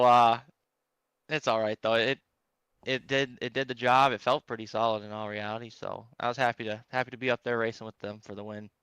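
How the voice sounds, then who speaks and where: A man's voice: mid-range voice, fairly bright tone, clean tone, no room sound. A man giving a post-race interview as a driver, speaking in an easygoing, casual way.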